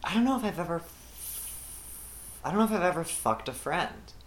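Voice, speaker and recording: A woman's voice: fairly low pitch, expressive, moderate pace, roomy sound. A woman guest on a podcast, telling a candid story in casual chat and joking as she goes. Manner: candid, joking, trails off and restarts.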